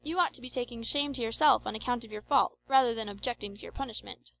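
A woman's voice: a little high, fast talker, vocal fry, fairly bright tone, rough recording. A woman reading the part of a cheeky young male adventurer who scolds his friend in a teasing, mock-stern way. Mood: mock-scolding.

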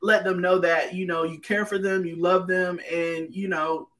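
A woman's voice: lowish voice, level tone, moderate pace. A woman chatting as a guest in an earnest, plain-spoken way, her voice sounding a little distant from the microphone. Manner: earnest, plain-spoken, calls herself not talkative. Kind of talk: casual chat.

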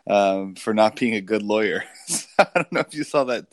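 Low-voiced man mocking politicians. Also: animated, brisk, no room sound, studio quality. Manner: mocking, rambling with many fillers. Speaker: podcast co-host. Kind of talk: casual political banter.

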